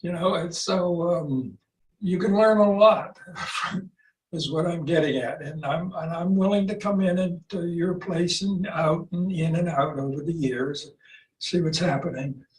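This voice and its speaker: A man in his eighties telling stories casually as a qigong teacher, rambling and halting, with restarts and chuckles, heard over a video call. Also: fairly high pitch. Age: 80s. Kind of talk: casual storytelling. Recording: roomy, distant video-call audio with faint noise.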